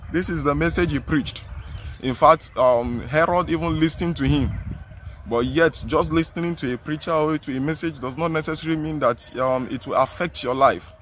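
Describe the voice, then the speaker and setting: A man's voice: fairly high pitch, normal speed, a bit bright, slight background noise. A man with a Nigerian English accent preaching a sermon outdoors, earnest and emphatic, repeating his phrases.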